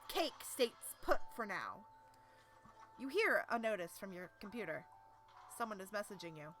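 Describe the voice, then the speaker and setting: Woman reading a webcomic on stream, bright kinda high voice, trips over words, jokes at herself, music low behind. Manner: casual, self-deprecating asides, stumbles over words.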